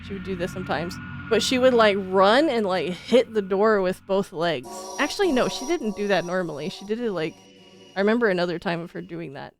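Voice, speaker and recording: A woman streamer telling stories in casual, animated chat, full of fillers like "like". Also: mid-range voice, fairly quick, faint music behind. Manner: animated, chatty, many fillers like "like". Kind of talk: casual live-stream storytelling.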